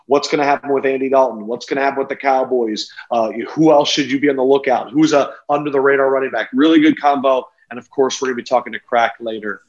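A man hosting a casual sports betting podcast, playful and excitable, speaking over a phone. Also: medium pitch, dull audio. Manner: excitable, playful, quick asides. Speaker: podcast host. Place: home in a city apartment. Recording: echoey room over a phone.

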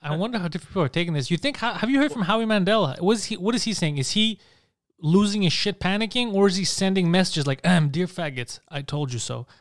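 Comedian, male, rapid and high-pitched, profane and animated. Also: dry recording, studio quality. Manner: profane, animated, laughing often. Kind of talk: casual podcast chat.

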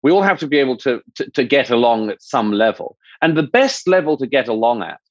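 A man's voice: mid-range voice, lively intonation, brisk, no room sound. A man speaking as an interview guest, reasoning carefully with frequent hesitant restarts. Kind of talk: interview discussion. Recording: slightly dull lo-fi sound.

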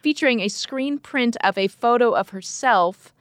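A woman podcast co-host reading narration and an ad in an upbeat, clear presenter style. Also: a little high, normal speed, no echo, studio quality.

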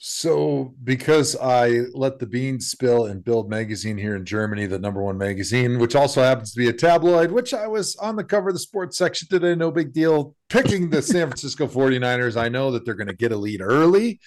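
A man co-hosting a casual podcast, telling stories with animated delivery and putting on voices for the people he quotes. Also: medium pitch, fairly quick, few pauses. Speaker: podcast co-host. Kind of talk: casual storytelling chat.

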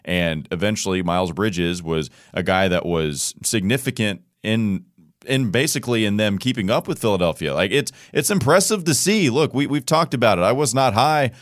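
Low-ish voiced guy hosting a sports pod, lively, dry mic. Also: moderate pace, no room sound. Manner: energetic, stat-listing. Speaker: podcast host. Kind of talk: casual sports podcast chat.

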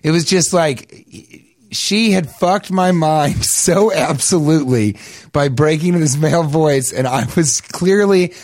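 A man telling a wild anecdote in casual chat, stammering and restarting, swearing freely and growing louder as the story builds. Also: unhurried. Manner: animated, stammering restarts, gets louder and higher as the story peaks.

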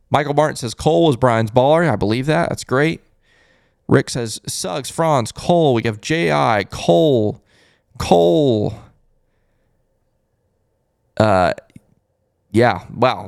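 Recorded dry in studio quality, a fairly high-pitched man with vocal fry hosts a fan's postgame recap on a live stream. He talks casually, musing out loud over the stats and echoing his own reactions.

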